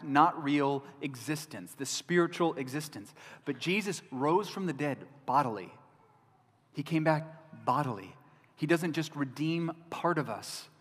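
Preaching man in an echoing hall. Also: fairly high pitch. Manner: earnest, repeats key lines for emphasis. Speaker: pastor. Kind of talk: sermon. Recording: long reverb of a large hall.

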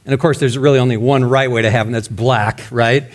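A male pastor preaching a sermon emphatically, his voice rising loud and dropping to a hush. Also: medium pitch, fairly even intonation, fairly quick. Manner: emphatic, swinging between loud and hushed.

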